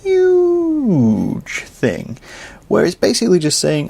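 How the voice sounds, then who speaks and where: A young man talks through a casual podcast rant in a mid-range voice. He drops into low, self-critical muttering, then climbs into loud, exasperated outbursts. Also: animated, normal speed, no room sound. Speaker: podcast host. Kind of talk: casual ranting monologue.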